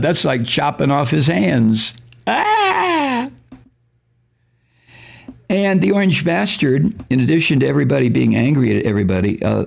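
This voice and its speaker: A man hosting a political talk radio show, sarcastic and profane, with mocking laughs and loud exclamations. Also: medium pitch, vocal fry.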